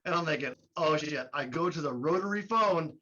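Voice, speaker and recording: A man guest telling a lively story in casual chat, laughing and acting out the people in it. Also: on the high side, a little fast. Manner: animated, laughing, acts out quotes. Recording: muffled with faint noise.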